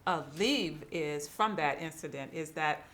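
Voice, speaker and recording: Middle-aged lady pastor, lowish voice, stops and restarts a lot, faint hiss behind. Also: a bit bright. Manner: halting, self-correcting, laughing often. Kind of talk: casual chat.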